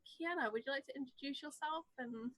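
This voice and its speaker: A high, bright-voiced woman hosts the game as game master, bubbly and chatty. Her sound is close and dry, over a video-call mic. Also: a little fast, dry recording, poor audio. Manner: bubbly, chatty, self-deprecating. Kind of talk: upbeat table-top introduction. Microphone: remote video-call mic.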